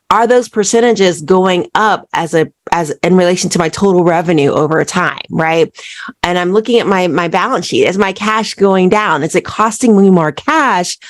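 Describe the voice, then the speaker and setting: A woman talks straight to her listeners on a solo podcast, in a fairly low voice. She asks them one question after another and checks in with "right?" all the time. The sound is dry and close, with no room echo. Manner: asks listeners repeated rhetorical questions, says "right?" often. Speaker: podcast host and accountant.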